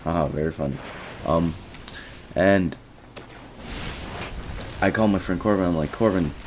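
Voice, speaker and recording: A man's voice: deep voice, a little slow, a little hiss or hum. A teenage boy casually telling a rambling story about his day, often quoting himself and restarting his sentences. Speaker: vlogger.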